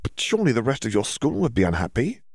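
A man's voice: medium pitch, wildly swooping pitch, quick pace, a little mellow, slightly rough, dry recording, clean studio sound, pitched above the performer's own voice, heavily acted. A man voicing a clever, insistent teenage witch. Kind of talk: audiobook character voice.

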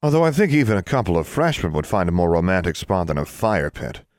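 Guy doing amused cool witch girl, higher voice, dry sound. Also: big pitch swings, fast, dry recording.

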